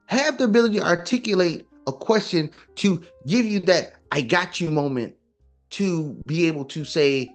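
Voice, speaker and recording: A man lectures in a casual, emphatic way, firing off rhetorical questions. His voice sits a bit high for a man. Soft guitar music plays faintly underneath. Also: moderate pace. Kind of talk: casual opinion talk.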